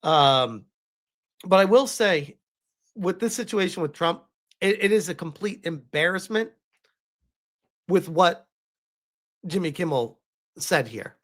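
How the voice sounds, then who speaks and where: A man's voice: high-pitched, lively intonation, takes it slowly, long pauses, a bit bright. A man commenting live on a stream, emotional and rambling, often restarting his sentences.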